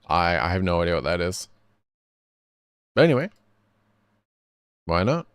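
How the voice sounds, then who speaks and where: A man's voice: low voice, measured pace, clear, resonant tone, dry recording, studio quality. A man streaming casually, rambling and correcting himself as he reacts to videos. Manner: rambling, self-correcting, lively.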